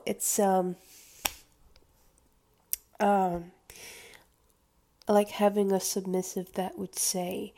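A woman speaking in an intimate confessional monologue, hesitant and halting, often slipping into soft whispers. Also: medium pitch, little pitch movement, creaky.

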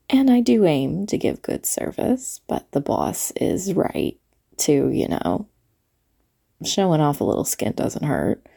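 A woman playing a flirty late-night diner waitress in an audio role-play, talking to the listener in a teasing way with breathy asides. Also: deep voice, dark tone, full character voice.

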